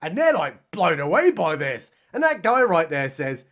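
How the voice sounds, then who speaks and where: Male reviewer, high lively voice, sarcastic deadpan recap with sudden excited yelps. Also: moderate pace. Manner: mocking, exclaims often, swings between deadpan and excited outbursts. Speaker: movie reviewer. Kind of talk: sarcastic comedic film recap narration.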